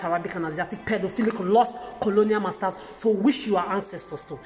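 A woman fires off a worked-up vlog rant in a mid-range, slightly mellow voice, talking fast with few pauses over soft background music. Her heated bursts are full of stammered restarts and repeated words as she describes the country she lives in and will grow old in. The room is echoey, with long reverb.

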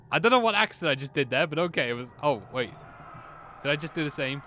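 A young man with a slightly high, expressive voice talks fast as he plays a horror game, giving casual let's-play commentary. He's jumpy, chats to himself, and bursts out in startled cries at every noise.

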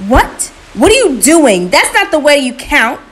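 A woman voicing an angry, bossy male spider trickster who shouts orders in a storybook tale. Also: sits high, big pitch swings, measured pace, voice pushed up, heavily acted.

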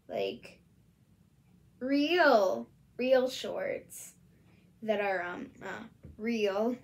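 A woman's voice: fairly high pitch, big pitch swings, slow, pauses often. A woman from the US Midwest, hosting a casual solo vlog and rambling hesitantly with many fillers. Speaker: channel host.

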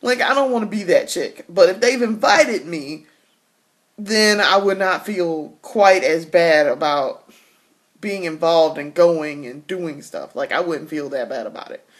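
Candid, laughing woman vlogger. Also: lowish voice. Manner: candid, laughs often between thoughts, halting restarts. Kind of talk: casual personal vlog chat.

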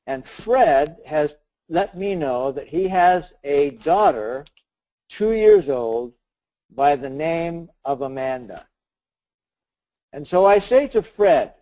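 A man's voice: a little high, expressive, slow pace, rough recording. A man leading a webinar, giving a motivational talk and acting out the lines of a story he tells. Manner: storytelling, acts out dialogue, shouts in the story. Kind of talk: motivational talk with a told scenario.

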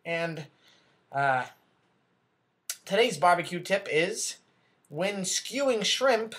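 A man's voice: high voice, lively intonation, slow, fairly bright tone, full character voice. A man playing a bumbling, self-important TV news anchor who rambles, gets flustered, corrects his own slips and talks back to people off camera. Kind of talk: comedy sketch acting.

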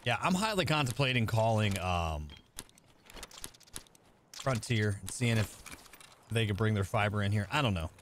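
Man, casual stream chatter, lively up-and-down voice, faint noise behind. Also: fairly low pitch, normal speed, long pauses. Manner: chatty, thinking aloud, talking to chat. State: out of breath. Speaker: game streamer. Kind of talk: casual live-stream chat while gaming.

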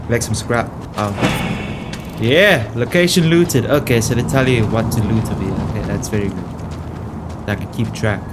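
A man's voice: lowish voice, moderate pace. A young adult man doing casual, slangy, joking gameplay commentary as a YouTuber. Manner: slangy, hyped, joking, tries a poor Australian accent. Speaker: gaming YouTuber. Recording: game music playing behind.

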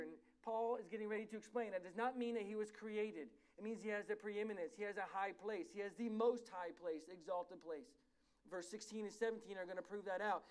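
A male pastor preaching a sermon, explaining scripture verse by verse and slowing down, growing louder to stress key words. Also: high voice, rough recording. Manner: emphatic, slows and rises in volume to stress key words.

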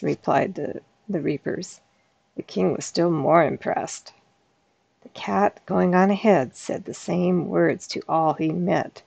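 A soft-spoken woman reads a classic fairy tale aloud at an unhurried pace. Her voice is low, with heavy vocal fry and a husky grain. The recording is dry and close, with no room sound. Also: no room sound, muffled recording. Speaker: storyteller. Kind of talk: storybook reading.

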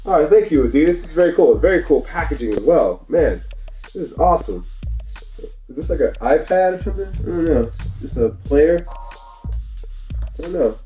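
A man with a mellow, warm voice talks through a casual unboxing in an upbeat, slangy way, saying his praise twice over. The sound is roomy, with echo from the space around him. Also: on the high side, animated, normal speed, long pauses, soft background music. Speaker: vlog host.

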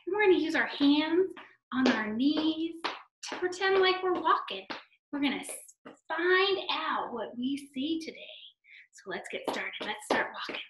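High, sing-song storytime librarian woman. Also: measured pace, very noisy. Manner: animated and sing-song, with gasps of delight. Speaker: children's librarian hosting storytime. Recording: echoey room.

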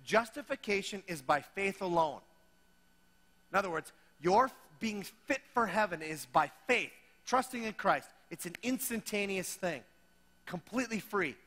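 A man's voice: sits high, sharp tone, big-room sound. A man preaching a sermon, speaking conversationally and acting out imagined objections from his listeners. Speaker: pastor. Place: church hall.

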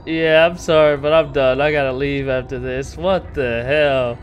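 At a normal speed and with few pauses, a man with a medium-pitched voice runs a casual game walkthrough for his gaming channel, reacting jumpily with startled outbursts and mild swearing. Faint music plays behind him.

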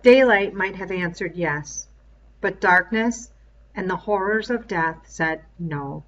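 A woman reading a novel aloud in a steady, measured storytelling voice. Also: fairly low pitch, highs cut off. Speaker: reader.

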